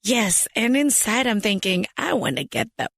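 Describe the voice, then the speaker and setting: Animated woman. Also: on the high side, normal speed, gravelly, no echo. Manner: animated storyteller, switches into Spanish phrases. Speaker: podcast guest, business founder. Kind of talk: storytelling in an interview.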